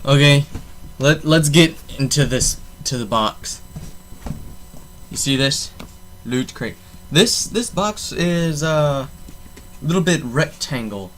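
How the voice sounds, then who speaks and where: A man's voice: on the high side, animated, slow pace, long pauses, a bit bright. Young male vlogger, goofy and rambling, talks into his camera mic with a faint hum behind him. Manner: goofy, rambling, self-interrupting. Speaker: unboxing vlogger. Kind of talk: casual unboxing vlog.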